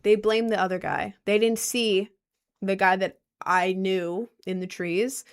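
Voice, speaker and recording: Her voice is clear and resonant, medium in pitch, with a steady tone and measured pace as this young woman rambles through a casual story. She leans heavily on "like" and repeatedly breaks off to say sorry for oversharing.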